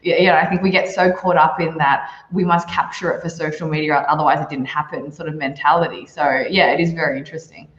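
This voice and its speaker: A woman, a podcast guest, telling stories in a casual, animated way and acting out the people she quotes. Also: sits low, fast talker, few pauses. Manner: animated, quoting people in shifting voices. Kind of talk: casual storytelling. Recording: lo-fi roomy remote audio.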